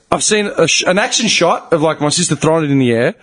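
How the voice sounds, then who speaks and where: Animated rambling male podcast host. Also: fairly high pitch, fast talker, hardly any pauses, dry recording. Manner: rambling storyteller, swearing, lots of "dude" and "man". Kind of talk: casual chat.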